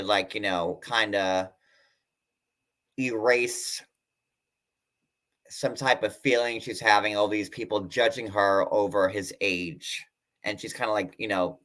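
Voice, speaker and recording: A man hosts a casual livestream in a chatty, sarcastic way. His voice is bright and a little sharp, and his talk is full of fillers and quick asides. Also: medium pitch. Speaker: host.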